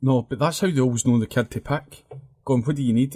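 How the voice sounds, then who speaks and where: A man's voice: mid-range voice, fairly quick, husky. A man with a Scottish accent, co-hosting a podcast and telling stories in casual, sweary banter. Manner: animated storyteller, swears freely. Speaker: podcast co-host.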